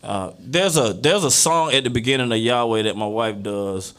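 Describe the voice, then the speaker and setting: A man's voice: mid-range voice, a bit bright. Rambling laid-back male podcast co-host. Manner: rambling, halting with many fillers. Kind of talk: casual chat.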